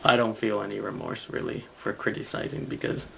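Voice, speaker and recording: A man thinking aloud as he works out a comedy bit, halting and restarting often and chuckling to himself. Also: fairly low pitch, creaky, bright, forceful tone, a little hiss or hum. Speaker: comedian developing material. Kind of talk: rambling think-aloud monologue.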